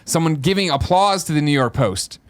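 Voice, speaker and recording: A lively man hosting a chat show, his pitch swinging widely as he jokes and riffs. He sounds conversational and playful, talking around a studio table with his friends. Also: fairly quick. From Chicago area. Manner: animated, jokey, riffing. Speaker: podcast host. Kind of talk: casual chat and show intro. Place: studio table with several people.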